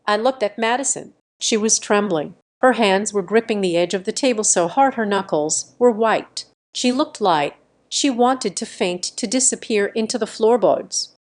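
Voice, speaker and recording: A woman reading a first-person revenge story aloud in a measured, deliberate scripted narration. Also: mid-range voice.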